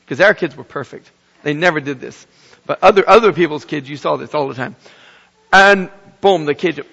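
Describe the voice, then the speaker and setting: A middle-aged male pastor preaches in a lively, storytelling way, with wry humorous asides. His voice sits somewhat high. The recording carries a long hall reverb and sounds a little dull. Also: normal speed. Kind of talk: sermon.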